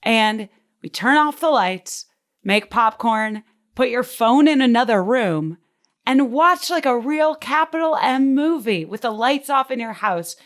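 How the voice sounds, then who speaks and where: A woman's voice: on the high side, lively intonation, unhurried, fairly bright tone. A woman, a podcast guest, chatting with enthusiasm and self-aware asides. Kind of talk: casual chat.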